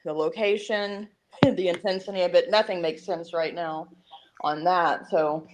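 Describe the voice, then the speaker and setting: A middle-aged woman, a citizen journalist guest on a panel, talking casually with quick asides. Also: fairly low pitch, fairly even intonation, background noise. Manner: talkative, quick asides and laughs.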